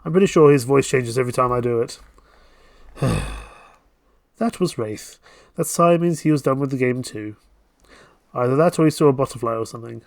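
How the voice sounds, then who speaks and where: A man's voice: mid-range voice, normal speed, creaky, pauses often, no room sound, clean studio sound. A man streaming a game, joking and self-deprecating in casual commentary.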